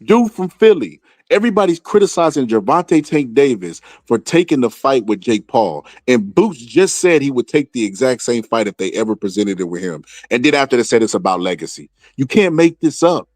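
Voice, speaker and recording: A man giving casual reaction commentary on boxing, animated and full of streetwise slang, repeating his phrases as he talks. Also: medium pitch, no room sound, clean studio sound.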